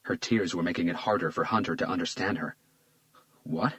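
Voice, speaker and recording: A man narrating a crime thriller audiobook in a measured, tense manner, also speaking the lead detective. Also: deep voice, a bit bright, dry recording, low-quality recording.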